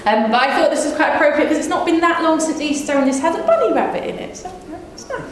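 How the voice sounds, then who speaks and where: A woman's voice: high-pitched, expressive, fast. Playful woman telling a story live. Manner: playful, teasing the audience. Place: small venue with audience. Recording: echoey room with faint hum.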